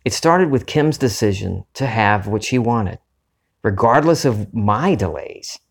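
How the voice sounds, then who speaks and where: A middle-aged man hosting a podcast, talking in a calm, earnest and unhurried way about spiritual ideas. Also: fairly low pitch, creaky. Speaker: podcast host. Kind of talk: reflective spiritual talk.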